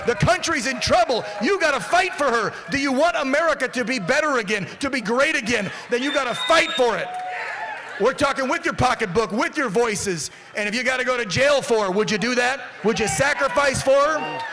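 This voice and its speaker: A man warming up a live crowd with brash, profane talk and joking asides. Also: very high voice, expressive, fairly quick, background noise. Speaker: event warm-up speaker. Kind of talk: rally hype speech.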